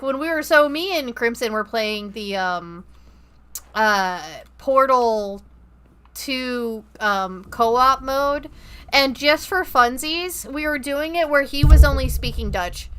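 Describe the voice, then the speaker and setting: A woman's voice: sits high, bright, forceful tone. A young woman streaming a horror game, chatting casually with viewers in a rambling, profane way. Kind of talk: casual gaming-stream chat.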